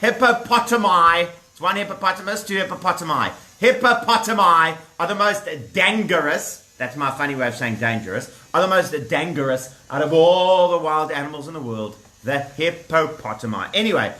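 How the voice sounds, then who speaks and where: A man's voice: on the high side, bright, forceful tone, roomy sound. A man telling a children's Bible story playfully, speaking directly to the kids.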